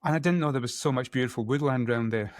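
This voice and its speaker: A man's voice: medium pitch, fast, dry recording, studio quality. A middle-aged man from Scotland, a photographer as guest, talking casually and often correcting himself with a laugh. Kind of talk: casual interview chat.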